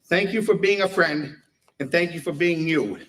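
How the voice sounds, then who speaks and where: A man's voice: on the high side, moderate pace, a bit bright. A man giving a humorous retirement tribute speech, chuckling his way through anecdotes. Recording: voice heard from a distance.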